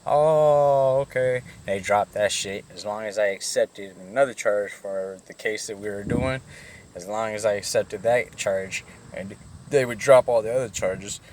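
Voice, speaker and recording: Middle-aged man, lowish voice, rambling casual storyteller, heavy street slang. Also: fairly even intonation, moderate pace, a little hiss or hum. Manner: rambling, profane street slang, many restarts. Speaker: vlogger.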